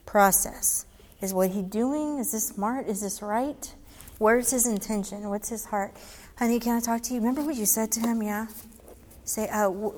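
A woman's voice: mid-range voice, darkish tone, long reverb tail. A woman giving candid, conversational advice, acting out her own past exchanges as she goes. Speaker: speaker answering audience questions. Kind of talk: casual advice talk.

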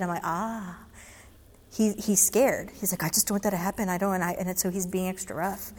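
A woman's voice: on the low side, fairly even intonation, moderate pace, darkish tone, big-room sound. A woman giving candid, conversational advice, acting out her own past exchanges as she goes. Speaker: speaker answering audience questions. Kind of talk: casual advice talk.

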